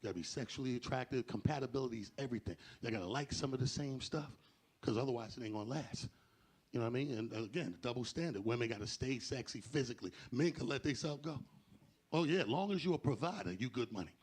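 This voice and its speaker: A man's voice: medium pitch, fast talker, slightly rough. A man doing a stand-up comedy set on a club stage, acting out conversations in shifting voices. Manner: animated, acts out dialogue in shifting voices.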